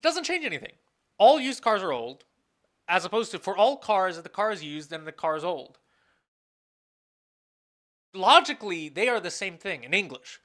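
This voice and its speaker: A professor lectures in a lively, bright voice whose pitch rises and falls widely. They think aloud, pose questions to the class and answer them, and stop to restate phrases mid-sentence. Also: moderate pace, long pauses. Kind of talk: recorded lecture at a whiteboard.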